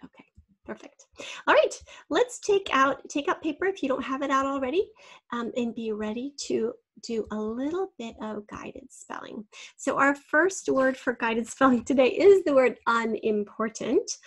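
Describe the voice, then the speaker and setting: A woman's voice: high voice, animated, normal speed, a bit bright, slightly rough. A woman teacher leading a spelling lesson, patiently sounding out syllables and dropping to a near whisper for asides.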